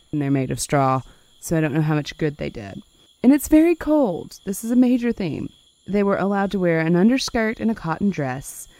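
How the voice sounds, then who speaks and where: A woman's voice: low voice, warm tone, no room sound. A woman hosting a conversational history podcast, reading passages aloud dramatically and adding wry asides. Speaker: podcast host.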